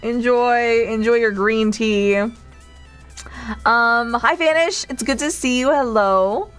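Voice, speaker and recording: A woman's voice: a little high, slow, a bit bright, soft background music. A woman hosting a playful cafe role-play stream, giggling often and talking sweetly to her viewers. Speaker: streamer host.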